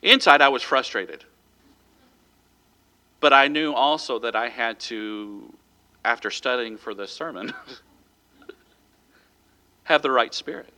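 Pastor, male, bright forceful tone, relaxed storytelling sermon delivery. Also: medium pitch, slow pace, long pauses. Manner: conversational storytelling with a light chuckle.

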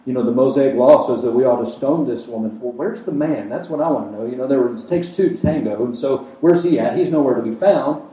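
A man preaching a sermon, emphatic, with rhetorical questions and swings between loud and quiet. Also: medium pitch, fast talker, hardly any pauses. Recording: echoey room, mic at a distance.

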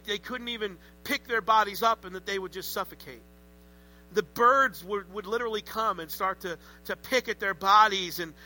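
Bright, high-voiced man preaching. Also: low-quality recording. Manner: conversational, animated, joking asides. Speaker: pastor. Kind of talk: sermon.

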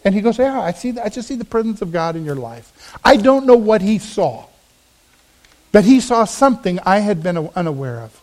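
A man's voice: high-pitched, very animated, moderate pace, darkish tone. A man, a pastor, preaching a sermon, telling a personal story in an earnest, storytelling way with emphatic swells.

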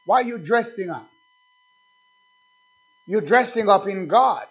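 High-voiced man preaching emphatically. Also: lively intonation, unhurried, breathy edge. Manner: repetitive, emphatic preaching with call-outs of "amen". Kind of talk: sermon. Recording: dull lo-fi sound.

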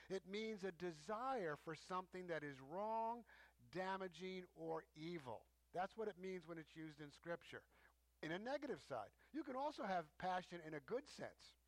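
A man preaching a sermon as a teaching, emphatic, stressing points with rising pitch. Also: dry recording.

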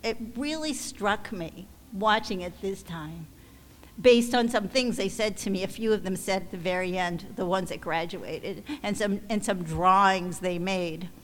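A woman leading a ministry, giving a heartfelt church testimony to supporters in a halting, emotional way, often restarting her sentences. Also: mid-range voice. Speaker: ministry leader addressing supporters. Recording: long hall reverb, faint background noise.

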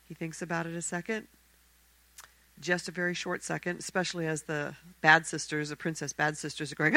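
A woman telling a fairy tale aloud in a church service, expressive and acting out the characters. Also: low voice, normal speed, no room sound, poor audio. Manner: expressive, acts out the characters' voices. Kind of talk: animated fairy-tale storytelling.

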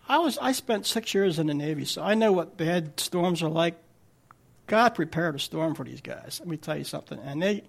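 A man's voice: a little high, creaky, a little mellow. A man preaching a sermon as a guest speaker, talking in a conversational way with frequent restarts.

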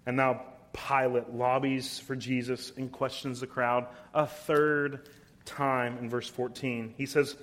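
A man preaching an expository sermon, emphatic and deliberate, reading scripture verses aloud between his comments. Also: mid-range voice, little pitch movement, fairly bright tone. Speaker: pastor.

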